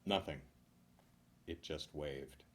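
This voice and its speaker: A man reading a list of corny jokes aloud in a deadpan way, chuckling now and then and making dry asides. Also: extremely low pitch, slow pace, a little hiss or hum. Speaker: joke reader.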